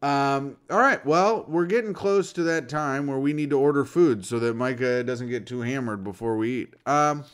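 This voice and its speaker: A man's voice: mid-range voice, normal speed, few pauses, smooth. A young man co-hosting a podcast in casual chat, rambling and teasing, with profanity. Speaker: podcast co-host.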